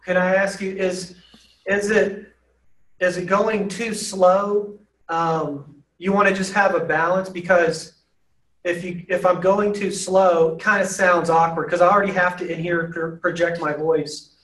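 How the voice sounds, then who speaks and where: A man's voice: high-pitched, fairly even intonation, unhurried, a bit bright. Distant, echoey male student. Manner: hesitant, questioning. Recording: echoey room, distant from mic.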